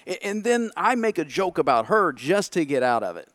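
A man's voice: fairly high pitch, sing-song, moderate pace, a bit bright, no echo, clean studio sound. A man telling a story in casual chat, acting out his own past thoughts. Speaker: podcast guest.

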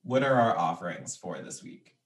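A man's voice: deep voice, lively intonation, normal speed. A man co-hosting a podcast in casual chat, joking and laughing mid-sentence. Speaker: podcast co-host. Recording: echoey, a bit far from the mic.

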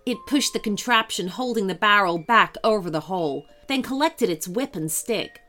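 A woman storyteller giving a scripted narration of a children's story in a lively, expressive way. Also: mid-range voice, normal speed, soft background music.

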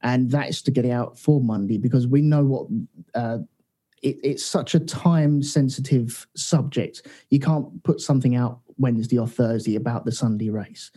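A man's voice: medium pitch, fairly even intonation, moderate pace, dark tone, slightly rough. A man guesting on a podcast, chatting casually and bantering with a laugh. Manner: jokey, banters, laughs often.

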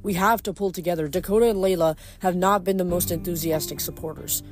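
A woman's voice: lowish voice, fairly even intonation, quick pace, soft background music, close to an everyday voice. Woman reading as a blunt, stern young Roman centurion.

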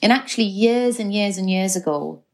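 A woman's voice: mid-range voice, normal speed, darkish tone. A middle-aged woman with a Geordie accent, chatting as a guest on a podcast, full of fillers and restarts. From North East England. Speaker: actress guest. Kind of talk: casual chat.

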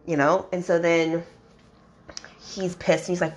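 Young woman, podcast book host, slightly low voice, casual and exasperated, mock-quotes characters. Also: little pitch movement, moderate pace.

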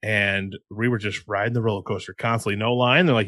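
A man's voice: fairly low pitch, steady tone, fairly quick, a bit bright, no room sound. Chatty male podcast host, dry sound. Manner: rambling, self-mocking storyteller. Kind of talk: casual chat.

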